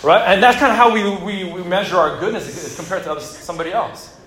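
A man preaching a sermon in a relaxed, conversational way, with jokes and asides to the congregation. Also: sits high, quick pace. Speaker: pastor. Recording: echoey room.

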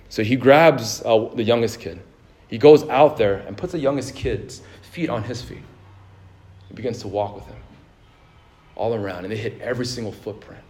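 A man's voice: lowish voice, moderate pace. Man preaching with frequent restarts. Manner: rising fervor, then a calm storytelling tone; frequent fillers and repeated words. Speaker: pastor. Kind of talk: sermon.

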